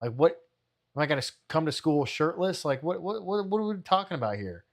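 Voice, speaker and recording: A man's voice: on the high side, big pitch swings, fairly quick. A man streaming, reacting to a clip with exasperated, profane ranting commentary.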